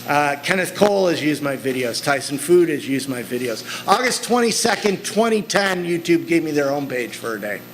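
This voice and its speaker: A man's voice: on the high side, expressive, fairly quick, few pauses, poor audio. Earnest man giving a talk. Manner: earnest, conversational storytelling. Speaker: speaker. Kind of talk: conference talk with slides.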